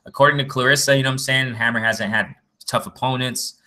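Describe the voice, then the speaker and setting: Rambling man with a bright voice. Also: mid-range voice, fairly even intonation, fast talker. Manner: rambling, repeats "you know what I'm saying". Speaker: boxing vlogger. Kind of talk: casual chat.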